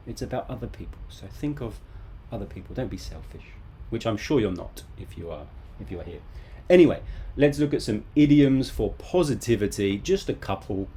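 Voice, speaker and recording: A man's voice: lowish voice, mellow, a little hiss or hum. A man in his thirties teaching a live online English lesson from home, casual and chatty with joking asides.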